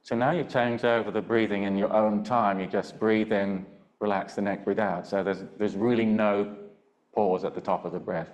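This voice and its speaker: An older man teaching a Pilates class over a video call, giving gentle step-by-step breathing and movement cues and checking in often. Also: fairly low pitch, normal speed, highs cut off. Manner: calm, gentle cueing with frequent check-ins. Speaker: Pilates instructor. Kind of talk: live online class instruction.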